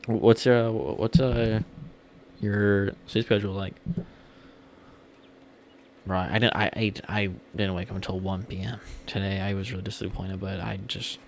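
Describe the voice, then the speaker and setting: A young male streamer chats loosely with his viewers as he plays, rambling and swearing casually. His voice sits on the low side with a gravelly rasp, and there is a faint hiss behind him. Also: flat delivery, a little slow. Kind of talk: casual gameplay livestream chat.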